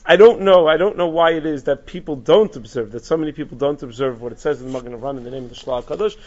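A man's voice: mid-range voice, rapid-fire, darkish tone, dull audio. A man teaching a Torah class, thinking aloud with frequent restarts and asides. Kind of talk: recorded Torah lecture.

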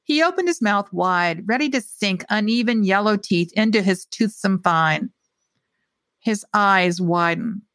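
Woman author reading her story aloud, expressive, dry close mic. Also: mid-range voice, measured pace, no echo. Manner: expressive reading, hesitant in chat. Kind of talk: storytelling reading, then casual chat.

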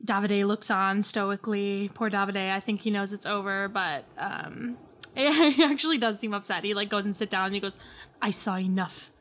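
A woman's voice: mid-range voice, normal speed, a bit bright. A young woman co-hosting a casual podcast, wryly recapping episodes from her notes. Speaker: podcast co-host. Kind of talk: casual chat recapping a reality show.

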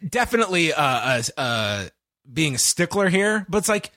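A man co-hosting a wrestling chat show, his pitch swinging widely as he recaps with a sarcastic edge. The recording is dry and close, with no room sound. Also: sing-song, normal speed, bright, forceful tone, no room sound. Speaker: wrestling podcast co-host. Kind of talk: casual chat.

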